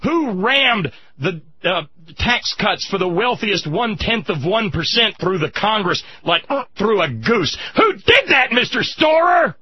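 A man giving impassioned political commentary, sarcastic and indignant, rising to shouts. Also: high-pitched, lively intonation, measured pace, husky, dry recording, dull audio.

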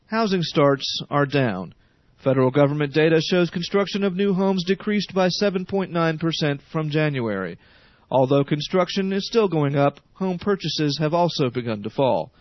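A man's voice: on the high side, animated, normal speed, no echo. A man reading the radio news with sardonic editorial asides. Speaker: news reader. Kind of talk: radio newscast. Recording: dry, dull radio studio.

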